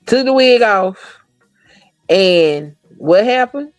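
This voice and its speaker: A woman talking in a casual podcast chat, blunt and profane, telling animated stories. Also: lowish voice, a little slow, no echo, faint music behind, poor audio.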